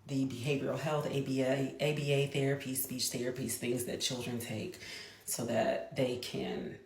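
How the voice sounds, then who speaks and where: A woman's voice: rumbling low, level tone, normal speed, vocal fry. A woman in her thirties telling a personal story to the camera in a chatty way, speeding up in bursts and restarting her sentences. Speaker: mother. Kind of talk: casual storytelling vlog. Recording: echoey room.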